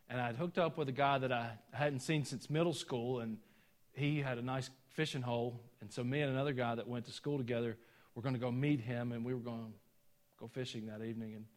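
A middle-aged man with a Southern Georgia accent preaching a sermon, folksy and self-deprecating, telling personal stories with chuckling asides. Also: mid-range voice. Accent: Southern US (Georgia, some Tennessee). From Georgia, USA. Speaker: pastor.

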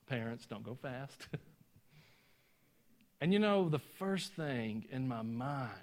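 Folksy Southern pastor from Georgia. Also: male voice, mid-range voice, darkish tone. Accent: Southern US (Georgia, some Tennessee). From Georgia, USA. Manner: folksy, self-deprecating, chuckling asides. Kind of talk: sermon with personal stories.

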